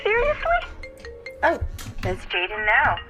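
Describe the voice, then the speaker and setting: A woman's voice: fairly high pitch, wildly swooping pitch, slow, loud music behind the voice, heavily acted. An actress playing a cheerful mother of a young boy, delivering chirpy, matter-of-fact web-series dialogue.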